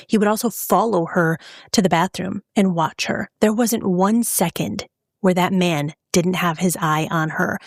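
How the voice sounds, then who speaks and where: A woman's voice: medium pitch, no room sound. Woman podcast host telling a true crime story, blunt and kinda salty, dry close sound. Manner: blunt and salty, openly scornful asides.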